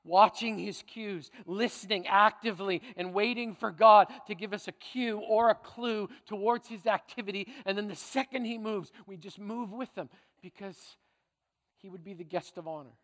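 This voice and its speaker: Male pastor, high voice, chatty preaching style with lots of "right?" check-ins, long hall reverb. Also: moderate pace, fairly bright tone. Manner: conversational, frequent tag questions, playful asides. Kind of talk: sermon.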